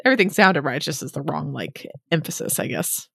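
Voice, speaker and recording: A young adult woman co-hosting a podcast, reading listener submissions with relaxed, rambling asides and frequent laughs. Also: sits low, fast talker, creaky, breathy edge, no room sound, clean studio sound. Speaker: podcast co-host.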